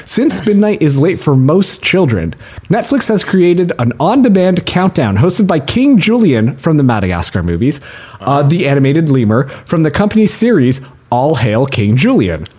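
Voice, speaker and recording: A man's voice: a little high, very animated, normal speed, darkish tone, slightly rough. A man hosting a comedy podcast, reading news articles aloud and joking with his co-hosts, including pretend phone calls. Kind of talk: casual comedy podcast chat.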